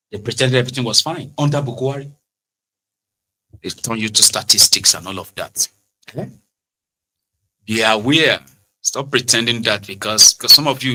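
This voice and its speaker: A middle-aged man with a Nigerian Yoruba accent, hosting a political commentary monologue in an animated way, slipping into Pidgin and Yoruba and acting out quoted exchanges. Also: on the low side. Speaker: commentary show host.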